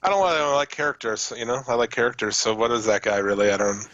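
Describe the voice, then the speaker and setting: A man's voice: mid-range voice, fast talker, a bit bright, no room sound, highs cut off. A man co-hosting a wrestling podcast, talking loosely and profanely and laughing often. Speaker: podcast co-host. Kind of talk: casual wrestling chat.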